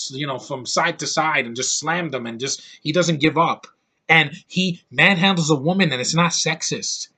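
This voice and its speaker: An American man rants through a movie review in a blunt, heated way, tripping over his words and starting sentences again. His voice sits a bit high and sounds bright and forceful, with a husky, slightly breathy edge. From United States. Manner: blunt, heated, rambling with restarts. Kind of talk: ranting casual review.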